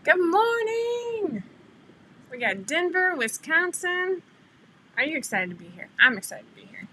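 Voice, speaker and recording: A woman's voice: high-pitched, big pitch swings, normal speed, sharp tone, slight background noise, poor audio. A middle-aged woman hosting a casual livestream, chatty and laughing often as she greets viewers by name over a computer mic. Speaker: livestream host.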